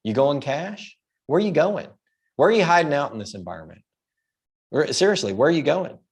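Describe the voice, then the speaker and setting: A man's voice: fairly high pitch, sing-song, brisk, husky. A middle-aged man hosting a livestream, giving emphatic, opinionated solo commentary full of rhetorical questions and casual swearing. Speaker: host of a precious metals livestream.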